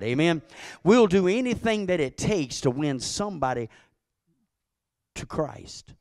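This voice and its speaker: A man preaching a sermon as pastor, calling out to his congregation and building to loud emphatic peaks. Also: a little high, lively intonation, measured pace, creaky, no room sound, clean studio sound.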